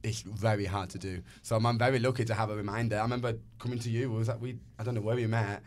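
A man's voice: on the low side, rapid-fire, slight background noise. A man, a dancer and choreographer, chatting as a podcast guest and acting out bits of dialogue. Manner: animated storyteller, acts out dialogue. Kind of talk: casual podcast conversation.

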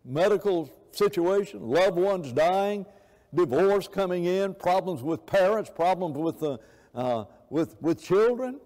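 Impassioned preacher, echoey church hall. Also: male voice, high-pitched, lively intonation, unhurried, a little mellow. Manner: impassioned, with repeated words and restarts. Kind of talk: sermon. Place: church sanctuary.

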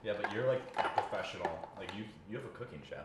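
A man's voice: fairly low pitch, very fast, roomy sound, background noise. A young man bantering with jokes and sass beside the host of a live cooking stream. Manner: joking, sassy banter. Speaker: co-host partner. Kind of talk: casual live-stream chat.

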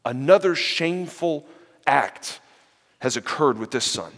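A man giving an animated sermon-style lecture, retelling a parable and voicing its characters, with fillers and restarts. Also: mid-range voice, unhurried. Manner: animated, acts out the parable's characters in quoted voices. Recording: long hall reverb.

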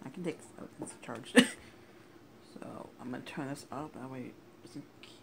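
A man with a medium-pitched, gravelly voice talks at a moderate pace while playing a video game, often frustrated and swearing at it. It's a gamer's let's play commentary, recorded over noisy game audio with police sirens and game sounds behind him.

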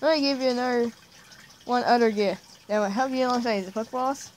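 A woman's voice: fairly high pitch, brisk, slight background noise, lightly acted, low-quality recording. A woman reading out a game's friendly male professor, in a plain voice close to her own. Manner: reading game dialogue aloud in a plain voice. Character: friendly male Pokemon professor, welcoming and eager.

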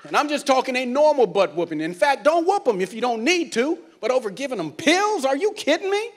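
A middle-aged man performing a stand-up comedy set on a theater stage, animated and acting out characters. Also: very high-pitched, fairly quick. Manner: animated, acts out characters, laughs along. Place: cruise ship theater stage.

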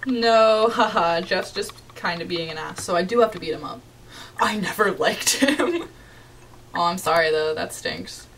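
A woman's voice: fairly low pitch, expressive, measured pace, a bit bright, distant mic, slight background noise. A young woman chatting casually through a let's-play of a game from her bedroom, reading chat messages aloud with a giggly, playfully dramatic manner. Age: young adult. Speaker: gaming YouTuber. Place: home bedroom.

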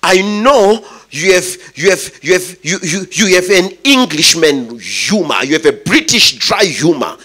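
Joseph, an anxious young fiancé, pleads in an animated, high, bright voice, acted out by a male preacher. He speaks slowly and earnestly, defending the woman he loves. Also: slightly rough, heavily acted. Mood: pleading.

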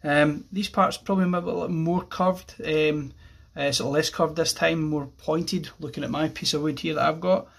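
A man with an Irish accent explaining a pencil drawing step by step as he works, relaxed and thinking aloud. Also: fairly high pitch, moderate pace, gravelly, few pauses. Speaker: art teacher. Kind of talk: drawing tutorial narration.

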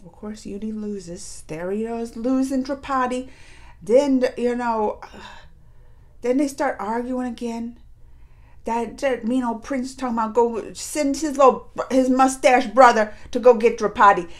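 A woman with a high-sitting voice talks at normal speed while hosting a reaction video. She recaps episodes in a lively, expressive way, laughing and exclaiming often.

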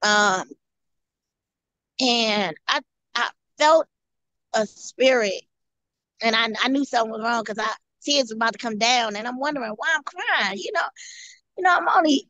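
A woman guest giving an earnest personal testimony, halting and often repeating or restarting her phrases. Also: fairly high pitch, animated, sharp tone, no echo. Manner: earnest storytelling.

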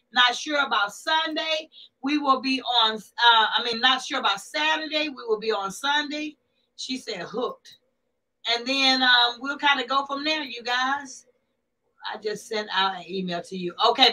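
A woman hosting a casual livestream, chatting back to viewers' comments in an animated way. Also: high-pitched, rough recording. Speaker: livestream host.

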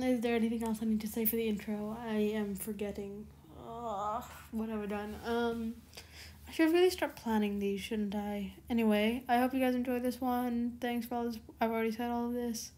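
Young woman, fan fiction reader, casual narration, somewhat high pitch, self-deprecating. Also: a little mellow, slight background noise. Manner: scattered, self-deprecating chat.

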